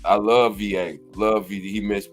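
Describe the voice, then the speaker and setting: A man's voice: fairly low pitch, steady tone, moderate pace, over music. A man co-hosting a casual live-stream chat, easygoing and agreeable, telling stories. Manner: easygoing, agreeing, tells stories with put-on greetings.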